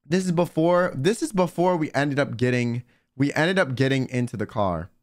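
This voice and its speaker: A young man livestreaming as a vtuber, telling stories in a casual, animated way with plenty of swearing and filler words. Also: medium pitch, moderate pace. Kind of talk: casual storytelling on stream.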